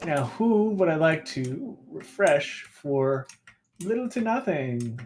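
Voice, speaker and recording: Man, board game player, fairly high voice, hesitant haggling, thinks out loud. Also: very animated, slow pace, crowd noise. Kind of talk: casual game-table chat.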